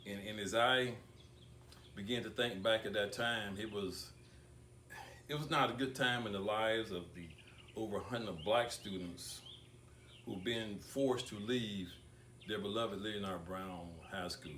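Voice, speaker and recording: An older man delivers a tribute at an awards ceremony, his low voice moving slowly and stopping to repeat words. He sounds distant, as if heard from across a reverberant room. A faint hiss of background noise sits under the speech. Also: pushed and bright. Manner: deliberate speaker who repeats words, with long pauses. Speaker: speaker giving a tribute. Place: banquet hall. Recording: echoey room picked up from far off.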